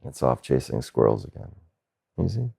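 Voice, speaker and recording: Male spiritual teacher, satsang talk: very low, gravelly voice, unhurried gentle delivery with soft laughs. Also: sing-song. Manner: slow, gentle, with soft laughs and questioning "huh?". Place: Asheville, North Carolina.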